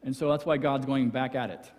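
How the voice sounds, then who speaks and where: A man preaching a conversational sermon as pastor, acting out quoted voices and dropping very soft for emphasis. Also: medium pitch, steady tone, a little fast. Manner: conversational, acts out quoted voices, drops to near whisper for emphasis. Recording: church hall with long reverb.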